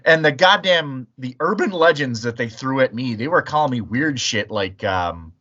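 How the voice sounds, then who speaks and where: A man from the Chicago area chats casually on a podcast, swearing freely as he spins long stories. His voice sits in a middle pitch, and the recording has a dull, lo-fi sound. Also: animated, moderate pace, fairly bright tone. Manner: profane, storytelling. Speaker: podcast host. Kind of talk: casual chat.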